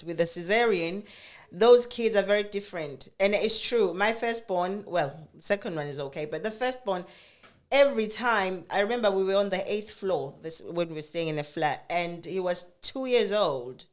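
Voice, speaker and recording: A woman's voice: mid-range voice, normal speed. A middle-aged woman from Africa, chatting casually and telling family stories with frequent laughs and restarts. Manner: animated storyteller, laughs often, many restarts. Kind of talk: casual chat.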